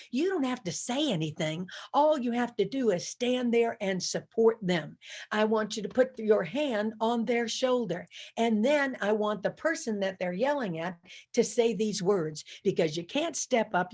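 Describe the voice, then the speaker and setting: A woman's voice: medium pitch, a little mellow. A woman giving a motivational conference talk over video call. She speaks emphatically and with energy, repeats slogans and gets the audience to join in.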